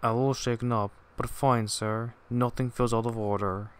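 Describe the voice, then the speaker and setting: A man voicing a young male tank engine, nervous and polite, talking slowly and hesitantly. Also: mid-range voice, little pitch movement, smooth, lightly acted. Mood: shaken. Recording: music playing underneath.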